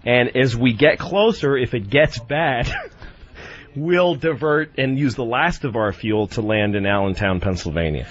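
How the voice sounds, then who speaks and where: A man telling a profane, animated story on a talk radio show, acting out the voices of the people in it. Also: medium pitch, measured pace. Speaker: guest comedian. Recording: dull radio broadcast with faint noise.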